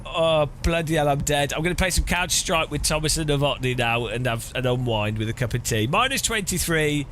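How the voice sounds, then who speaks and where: A man talks through a live stream in an unhurried, chatty way. His voice sits high and swings widely, bright and forward, and he keeps collapsing into fits of laughter at his own antics. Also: lively intonation, a little hiss or hum. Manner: breaks into long fits of laughter, chatty and self-mocking. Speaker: sim racing streamer. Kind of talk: casual live-stream commentary.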